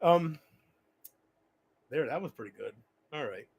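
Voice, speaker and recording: Halting, reflective man on a livestream. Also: on the high side, animated, gravelly, slightly rough. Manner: halting, reflective, with frequent restarts. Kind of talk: rambling solo livestream talk.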